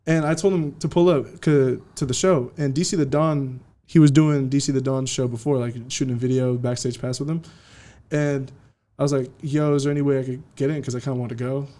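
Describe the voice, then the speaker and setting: A man's voice: mid-range voice, a little fast. Slangy young man telling his DJ story. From California. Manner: slangy, animated, acts out quotes. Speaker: DJ guest. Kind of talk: casual interview storytelling.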